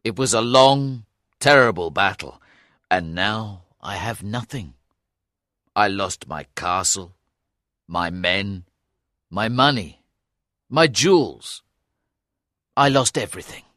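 A man's voice: on the low side, expressive, slow, long pauses, fairly bright tone, no room sound, clean studio sound. A man voicing a defeated knight in a storybook reading, speaking sorrowfully with a rise and fall. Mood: sad. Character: defeated old knight, sad and beaten.

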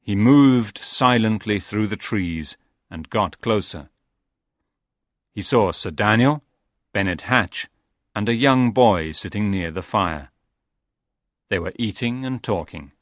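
A man narrating a simple storybook slowly and deliberately. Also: fairly low pitch, no room sound, studio quality. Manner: slow and deliberate.

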